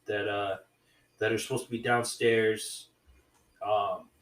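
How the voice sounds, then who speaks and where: A podcast co-host who reviews movies recaps a horror film loosely, restarting often and saying "man" a lot. His voice is ordinary in pitch and a bit bright, heard slightly distant from the mic in an echoey room.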